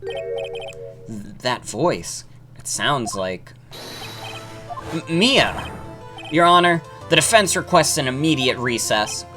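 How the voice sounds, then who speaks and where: An urgent, earnest young male defense attorney from a courtroom video game, read by a woman. The voice sits deep and moves a lot in pitch. Game music plays clearly underneath. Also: expressive, takes it slowly, long pauses, a bit bright, exaggerated voice.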